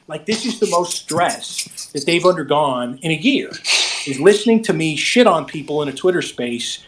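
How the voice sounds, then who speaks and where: A man hosting a casual online audio chat, ranting in an agitated way and swearing often. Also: a little high. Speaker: host.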